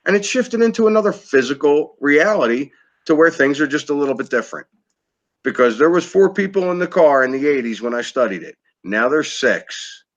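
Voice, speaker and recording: A man's voice: fairly high pitch, lively intonation, fairly quick. A man with an American East Coast accent hosting a casual interview, talking emphatically and repeating himself. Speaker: host. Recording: lo-fi muffled audio.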